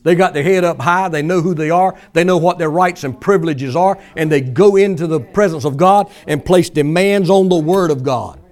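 A man's voice: fairly high pitch, moderate pace, few pauses, darkish tone. A male pastor preaching a sermon in a folksy, emphatic way, mimicking pleading prayers for effect.

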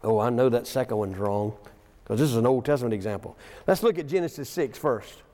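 A man's voice: medium pitch, a little fast, dark tone. A man preaching a sermon in a folksy way, telling stories with chuckling asides and reading scripture aloud in a church. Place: church sanctuary. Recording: long church reverb.

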